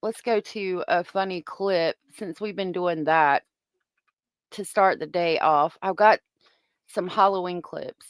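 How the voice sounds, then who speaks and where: A woman's voice: on the low side, slow pace, smooth, no room sound. A woman hosting a livestream, chatting casually and thanking viewers by name. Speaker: host of a true-crime livestream.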